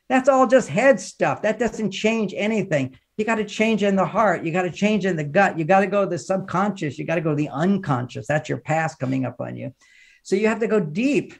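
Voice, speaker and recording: A man's voice: a little high, gravelly, a little mellow. A man, a relationship author and counselor, talking as a podcast guest in an emphatic, teacherly way, often laughing as he speaks. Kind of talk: podcast conversation, advice and explaining.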